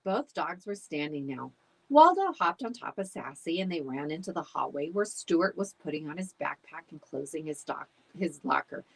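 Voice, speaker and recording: Give me a husky-voiced woman reading a story aloud. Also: low voice, moderate pace, hardly any pauses, poor audio. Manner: animated storytelling. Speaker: library storytime reader. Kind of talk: reading a children's book aloud.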